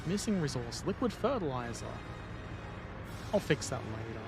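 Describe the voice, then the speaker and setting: A gaming video host gives casual let's-play commentary, rambling and joking to himself as he plays. His mid-range voice is sing-song at a normal speed, heard over loud music.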